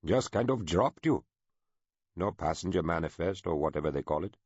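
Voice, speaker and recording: A man voicing a nervous, bashful envoy who hesitates and apologizes often, husky-voiced. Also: low-pitched, lively intonation, normal speed, a little mellow, no echo, muffled recording, heavily acted. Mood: awkward. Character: nervous bashful middle-aged male ship envoy.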